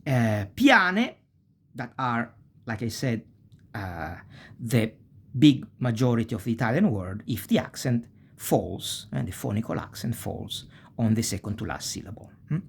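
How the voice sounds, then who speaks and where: A man with a breathy, husky voice teaches a language lesson on video. He pauses over each example word and pronounces it carefully. He keeps checking in with quick questioning tags. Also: mid-range voice, animated, darkish tone. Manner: checks in with the listener with short "eh?" and "okay?" tags; says Italian example words slowly and deliberately.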